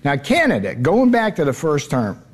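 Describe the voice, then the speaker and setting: A man's voice: on the high side, huge pitch swings, moderate pace, husky. A man answering interview questions as a trade adviser, blunt and emphatic, often repeating words as he restarts.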